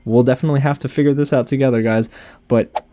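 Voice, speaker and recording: A man's voice: medium pitch, steady tone, quick pace, warm tone. A man hosting a fan reaction video, talking emotionally and addressing his viewers directly.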